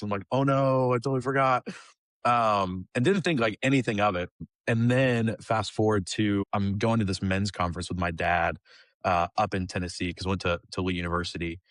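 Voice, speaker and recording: A kids ministry leader in his twenties tells a personal story conversationally, animated and casual, acting out the quoted dialogue and often saying "like" and "um." His voice is low, with clean studio sound and no echo.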